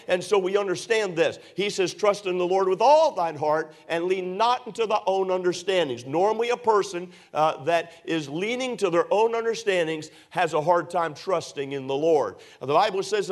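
A man preaching a sermon as pastor, earnest and repetitive, with many rhetorical questions and frequent "uh". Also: high-pitched.

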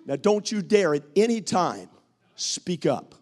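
High-pitched preacher guy, slow and dramatic, goes loud then real quiet. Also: very animated. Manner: dramatic, acts out quoted wives and husbands, swings from loud to hushed. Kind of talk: sermon.

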